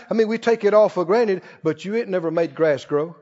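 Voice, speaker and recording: A man preaching a sermon, swinging from booming scripture reading to quiet, quick asides to the congregation. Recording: muffled sound in a long reverberant hall.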